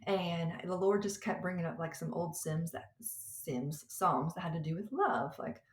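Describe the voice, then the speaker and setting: A woman podcast host and coach in her thirties, telling a personal story in a chatty, animated way that often breaks into laughter. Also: on the low side, unhurried. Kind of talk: casual storytelling monologue. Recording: roomy echo.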